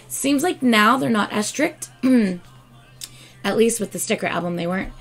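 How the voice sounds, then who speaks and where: A woman's voice: medium pitch, expressive, a little slow. A woman hosting a music reaction channel, talking casually to her viewers in a rambling, chatty way full of fillers, with a dry, scratchy throat. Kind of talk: casual talk to camera.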